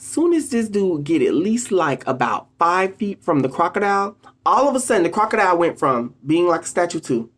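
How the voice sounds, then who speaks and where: A video host giving casual motivational advice to viewers, an animated storyteller who keeps addressing the audience directly with emphatic, drawn-out phrases. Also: mid-range voice. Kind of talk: casual motivational talk to camera.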